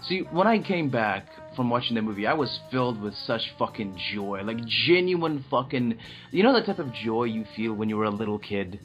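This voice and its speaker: A man co-hosting a casual movie chat, talking in excited, profane, rambling bursts with many restarts. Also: medium pitch, moderate pace, dull audio, soft background music. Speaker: podcast co-host.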